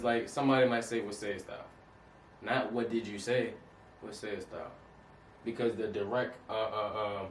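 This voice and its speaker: A man's voice: mid-range voice, distant mic, a little hiss or hum. Casual man teaching from slides, echoey. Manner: casual, repeatedly checks for understanding. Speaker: Hebrew language teacher. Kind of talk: informal slide lesson. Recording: echoey room, off-mic.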